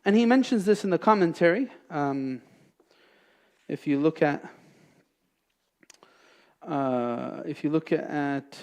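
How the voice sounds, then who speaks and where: High-voiced man teaching in a lecture. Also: slow, pauses often, a little mellow. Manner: explanatory, asks and answers his own questions. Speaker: Islamic teacher. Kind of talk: classroom lecture. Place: mosque classroom.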